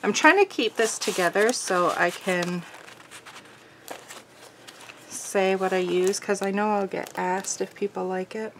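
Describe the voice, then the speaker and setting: A woman hosting a crafting video, chatting casually and thinking aloud, bubbly and easily excited. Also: mid-range voice, a little slow, pauses often, slight background noise.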